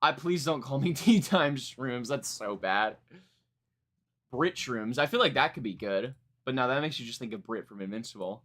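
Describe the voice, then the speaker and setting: On a live stream, a man reacts to music in casual, rambling chat, full of fillers and restarts, often laughing at himself. His voice sits at medium pitch with a fairly bright tone, lively intonation, and a normal speed.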